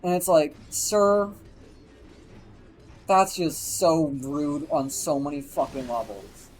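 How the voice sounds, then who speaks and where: A man's voice: a little high, slow pace, faint music behind, poor audio. A young man streaming live, telling a rambling, profane story while he plays a game. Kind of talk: casual chat while gaming on a live stream.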